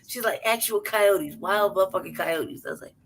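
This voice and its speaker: A woman's voice: medium pitch, normal speed, low-quality recording. A woman tells a rambling story in a loose, profane way, breaking into laughter and playing out the voices of people in it. Her voice sits in the middle range, and faint noise runs under the recording. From city-raised. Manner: profane, animated, laughs often, acts out voices. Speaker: podcast co-host. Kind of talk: casual storytelling chat.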